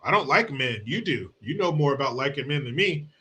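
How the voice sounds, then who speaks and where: A man's voice: mid-range voice, animated, a little fast, bright, forceful tone. A man from the United States hosting a podcast, giving crude, mocking commentary and laughing often. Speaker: host.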